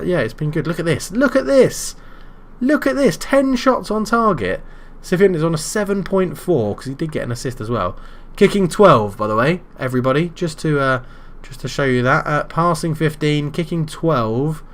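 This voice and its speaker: A British man commentating his own football management game, calm between moves and shouting loudly when his side scores. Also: a little high. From Britain. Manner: excitable, bursts into loud shouting at goals. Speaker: gaming YouTuber.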